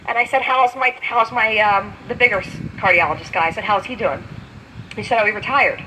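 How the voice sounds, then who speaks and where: A woman's voice: fairly high pitch, lively intonation, normal speed, pauses often, background noise. A woman in her thirties giving a heartfelt personal testimony at a community event, talking in a conversational way with many fillers. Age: 30s. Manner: heartfelt, conversational, full of "you know" fillers. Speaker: speaker sharing a recovery story.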